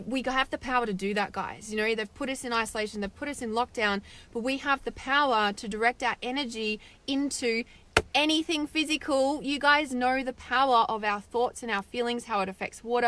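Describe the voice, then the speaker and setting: A woman's voice: on the high side, fairly bright tone. Chatty woman livestreaming. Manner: chatty, upbeat, lots of "like" and "right?". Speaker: spiritual meditation host reading live comments. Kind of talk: casual livestream chat.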